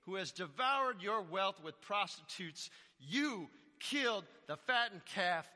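A man's voice: mid-range voice, slow pace, pushed and bright, pitched below the performer's own voice, heavily acted. A man voicing a resentful, indignant older brother who raises his voice in complaint, in an echoey hall. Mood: angry.

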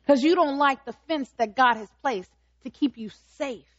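A high-pitched woman preaches in an emphatic, questioning way, pressing the congregation again and again. The sound is a little dull and lo-fi. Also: moderate pace. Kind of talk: sermon.

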